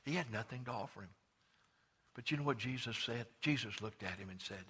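A male pastor preaching an emphatic, conversational sermon, swinging between loud urging and hushed quiet, often repeating words as he restarts. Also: mid-range voice, brisk, breathy edge.

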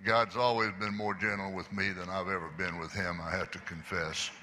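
A man's voice: sits low, level tone, normal speed, sharp tone, slight background noise. An older man, giving an earnest church testimony. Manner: earnest, confessional storytelling. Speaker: guest speaker giving testimony. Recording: echoey church hall.

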